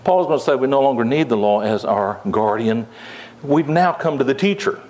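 A man's voice: mid-range voice, lively intonation, normal speed, darkish tone. An older man teaching the Bible in a folksy, conversational way, with many fillers and asides.

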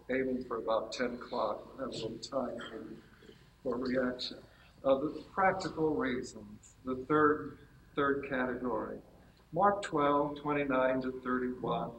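A man's voice: medium pitch, fairly bright tone, roomy sound, a little hiss or hum, rough recording. A man giving a lecture-style Bible teaching to a gathered group, laying out numbered points methodically and correcting himself as he goes. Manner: methodical, enumerates points, frequent self-corrections. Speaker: speaker giving a Bible talk.

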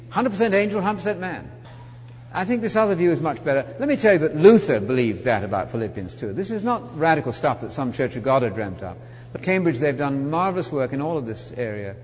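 A man teaching a Bible study sermon, emphatic, with rhetorical questions and wide swings from loud to soft. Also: fairly high pitch, big pitch swings, brisk, slight background noise. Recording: long hall reverb.

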